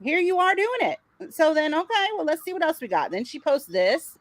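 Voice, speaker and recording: A woman's voice: high-pitched, very animated, moderate pace, few pauses, dry recording, low-quality recording. A woman hosting a casual commentary show, talking in a blunt, sarcastic way and swearing freely. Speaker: commentary channel host.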